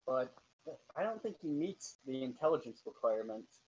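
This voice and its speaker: A man running a tabletop game online, describing scenes in a relaxed, rambling way with lots of fillers. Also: mid-range voice, normal speed, lo-fi sound. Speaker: game master. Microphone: voice chat over internet.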